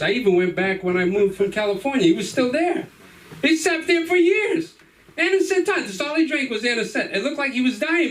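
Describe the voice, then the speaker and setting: Heard through a distant mic in a rough recording, his voice sits high. He's a man in his fifties from the Cape Verde Islands doing a rambling open-mic stand-up story at a comedy club, animatedly acting out each person's voice.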